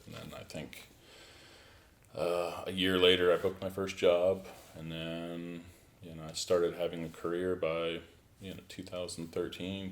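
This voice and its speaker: A man with a very deep, low voice talks easily as a guest, leaning on filler phrases. There is a faint noise under his voice. The delivery is relaxed and conversational. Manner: relaxed, many "you know" fillers. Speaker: actor guest. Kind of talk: casual interview chat.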